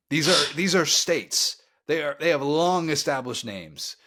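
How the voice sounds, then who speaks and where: A man's voice: on the high side, lively intonation, sharp tone. A man co-hosting a college football podcast, wry and opinionated, in casual chat. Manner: wry, opinionated, drawn-out emphasis. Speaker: podcast co-host.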